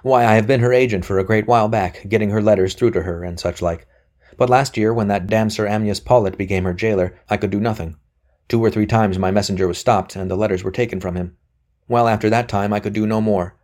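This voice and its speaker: A man reading aloud, voicing an excitable young male conspirator who snaps and sneers bitterly. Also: lowish voice, quick pace, lightly acted. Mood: eager. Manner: snapping, bitter, boastful.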